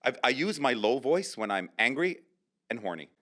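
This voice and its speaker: A man with a bass voice, a guest on a casual podcast, bantering back quickly with the host. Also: big pitch swings, bright, forceful tone. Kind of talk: casual interview chat.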